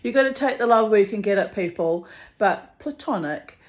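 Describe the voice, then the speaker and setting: A woman's voice: medium pitch, moderate pace. Giggly woman telling a funny story. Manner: giggly, animated, acts out both sides of the anecdote. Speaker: vlogger. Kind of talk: casual storytelling to camera.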